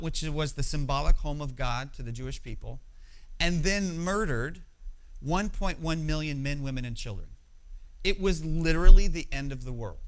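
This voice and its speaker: A man's voice: a little high, a bit bright, poor audio. A pastor, a man in his thirties, giving a conversational, emphatic sermon that keeps checking in with his listeners. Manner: conversational, emphatic, frequent "right?" asides.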